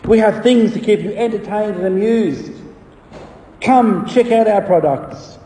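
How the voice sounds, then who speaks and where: A man's voice: high voice, a little slow, warm tone, slight background noise, voice pushed up. A man voicing a pushy male merchant coaxing buyers to look at his wares. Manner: coaxing, salesman-like calling out. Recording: echoey hall from far off.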